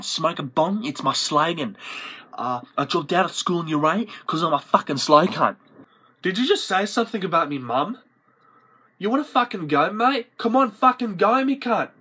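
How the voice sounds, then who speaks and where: A man's voice: a little high, sharp tone. Man doing a broad Australian bogan. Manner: blunt, swaggering, crude. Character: crude Australian bogan man, dim and boastful. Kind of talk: comedy sketch character.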